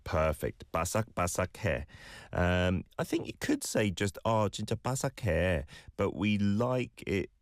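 Male language-podcast host, very deep, dry sound, warm encouragement and patient corrections. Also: huge pitch swings, normal speed, few pauses, dry recording. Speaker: language teacher hosting listener clips. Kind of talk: podcast lesson feedback.

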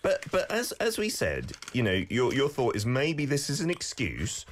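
A man's voice: mid-range voice, wildly swooping pitch, moderate pace, a little hiss or hum. A man co-hosting a casual food-tasting chat, enthusiastic and chatty as he eats. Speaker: co-host.

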